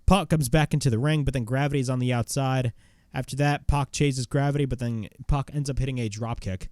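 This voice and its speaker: A man's voice: mid-range voice, steady tone, a little fast, a little mellow, dry recording, clean studio sound. A man reviewing a wrestling show in casual chat, recapping moves play by play and swearing bluntly.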